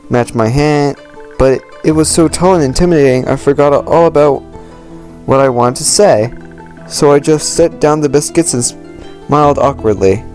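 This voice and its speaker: A man's voice: medium pitch, darkish tone, lightly acted. A man reading as a clumsy unlucky adventurer. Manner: self-deprecating storytelling, stumbles over hard words. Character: clumsy, unlucky, anxious young tavern adventurer. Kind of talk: reading game dialogue aloud.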